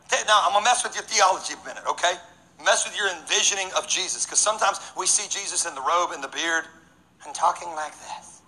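Energetic male pastor mid-sermon; high, bright voice, jokes and swings from loud to quiet. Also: creaky, rough recording. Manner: energetic, jokey, shifts between loud and hushed.

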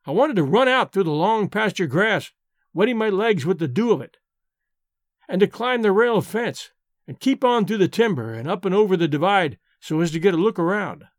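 A wistful, dreamy frontier woman who speaks in folksy backwoods turns of phrase, read by a man. The voice is fairly high and recorded dry and close. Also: lively intonation, normal speed, no room sound. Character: wistful frontier-born woman, tribe leader, poetic dreamer. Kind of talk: audiobook reading.

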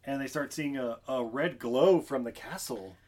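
A woman's voice: extremely low pitch, moderate pace, a little mellow. A woman in casual chat recapping a film, leading the story with wry, sarcastic asides.

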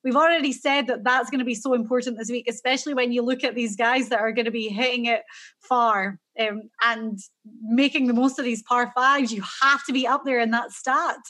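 A woman with a Scottish accent chats about golf picks in an easygoing, conversational way. Her voice sits high for a woman. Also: fairly even intonation, brisk, bright, forceful tone. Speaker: co-host. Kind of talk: casual golf betting chat.

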